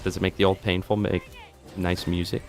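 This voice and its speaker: A man's voice: low-pitched, flat delivery, fairly quick, soft background music. A man streaming a video game live, joking around and chatting to his viewers. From United States. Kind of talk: live gameplay commentary.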